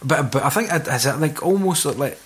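A man's voice: on the high side, lively intonation, fairly quick. A young Scottish man in casual, sweary conversation about a film. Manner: sweary, laughing, slips into mock voices.

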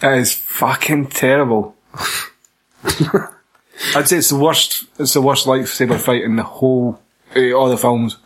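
A Scottish man tearing into a film with a friend, blunt and mocking, with plenty of swearing. His voice sits at an ordinary middle pitch. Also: level tone, measured pace, long pauses. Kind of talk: casual film chat.

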